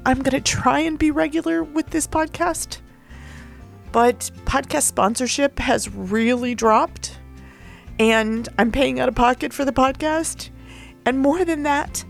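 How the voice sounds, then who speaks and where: Woman, podcast host, slightly high voice, gravelly fry, candid rambling storytelling, casual swearing. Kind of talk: personal storytelling monologue.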